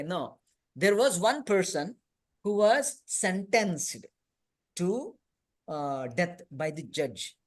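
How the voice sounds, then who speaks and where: A man teaching a youth scripture class in a conversational storytelling manner, often adding "you know" and "right?". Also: sits high. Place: temple hall.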